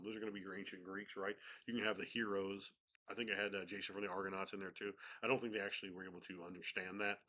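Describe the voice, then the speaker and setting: A man's voice: fairly low pitch, bright, forceful tone. A man with a cold, a game master chatting casually and rambling, with many restarts. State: has a cold. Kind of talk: casual chat about tabletop games.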